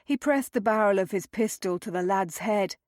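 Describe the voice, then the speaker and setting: A woman narrating a romance novel aloud in a measured, dramatic reading. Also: mid-range voice, a little mellow, dry recording, clean studio sound. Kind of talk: audiobook narration.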